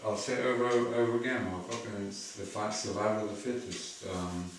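A man's voice: lowish voice, fairly even intonation, quick pace. Swearing, ranting man. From England. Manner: profane, ranting. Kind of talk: monologue to camera. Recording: echoey room, far from mic, noisy.

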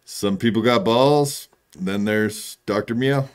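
A man's voice: lowish voice, takes it slowly. A man calling into a stream, angrily confronting another caller. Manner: confrontational, accusing. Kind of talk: heated call-in argument.

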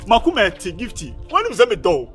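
Guy acting heartbroken ghanaian lover, wailing and begging, real high bright voice. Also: huge pitch swings, fairly quick, soft background music, full character voice. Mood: lamenting. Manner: wailing, pleading, crying out dramatically. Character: heartbroken young man lamenting his lost lover. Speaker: actor in a comedy film.

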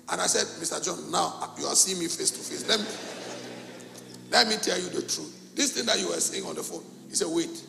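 A middle-aged pastor from Cameroon, preaching a sermon and telling a story with animated, acted-out dialogue in a gravelly voice. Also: male voice, sits high, brisk, soft background music. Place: church hall. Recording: echoey church hall.

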